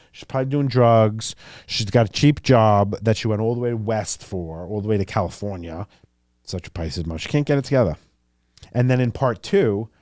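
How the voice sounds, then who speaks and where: A man hosting a podcast in a casual monologue, talking in an animated, rambling and profane way. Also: fairly low pitch, no room sound, clean studio sound. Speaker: podcast host.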